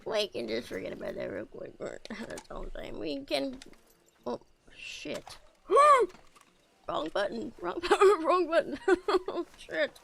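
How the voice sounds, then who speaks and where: A woman's voice: sits high, big pitch swings, a little slow, gravelly, heavily acted. A woman playing a bashful stammering cowboy. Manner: stammering, rambling, laughing often. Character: bashful rambling male cowboy outlaw, nervous around women. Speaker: streamer. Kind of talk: in-character game streaming.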